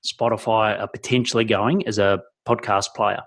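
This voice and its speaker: A man hosts a podcast with a relaxed, chatty delivery. His voice sits a little low. He pads his talk with casual fillers as he sets up his questions. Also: moderate pace. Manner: chatty, loose, full of fillers like "look" and "you know". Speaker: podcast host.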